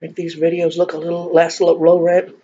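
A woman's voice: on the low side, completely flat delivery, a little fast, warm tone, slightly rough. A middle-aged woman chatting casually to viewers while eating, joking about herself. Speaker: mukbang vlogger. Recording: dull lo-fi home recording.

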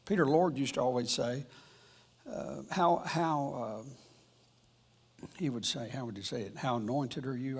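A man giving an informal Bible lesson at church, rambling and halting, often restarting his sentences. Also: medium pitch, slightly rough. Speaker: church teacher.

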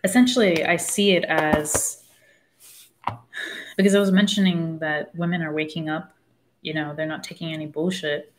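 A woman's voice: sits low, steady tone, normal speed, long pauses, a little hiss or hum. A woman talking casually about a book she is reading, rambling and frank, losing her thread and swearing freely. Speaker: book discussion host. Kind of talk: casual spoken book commentary.

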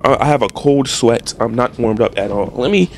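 A man's voice: medium pitch, moderate pace, slight background noise. A young man doing casual, trash-talking commentary while playing a game. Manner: animated, trash-talking, slangy. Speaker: gaming streamer.

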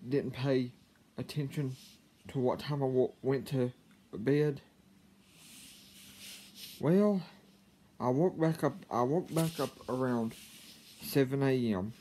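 A man telling a personal story to his viewers, halting, with frequent stammers and restarts. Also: medium pitch, darkish tone, a little hiss or hum. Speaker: vlogger. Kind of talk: casual storytelling to camera.

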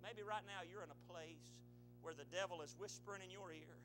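A male pastor preaching a sermon, swelling into shouts and then dropping to a low, quiet delivery. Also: fairly quick, music in the background.

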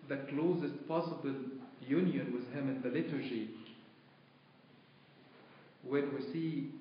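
Slow, earnest man preaching in an echoing church. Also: mid-range voice, a little hiss or hum. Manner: earnest storytelling with quoted dialogue, emphatic repetition. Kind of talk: live church sermon. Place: large church sanctuary. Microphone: tablet recording from the congregation. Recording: very echoey, dull lo-fi live tablet recording.

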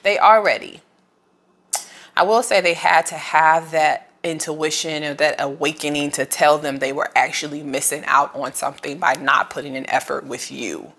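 Low-voiced chatty woman reading tarot. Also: steady tone, normal speed, gravelly, few pauses, a bit bright. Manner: chatty, emotional, slangy, talks to viewer directly. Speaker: tarot reader. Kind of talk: casual tarot reading to camera.

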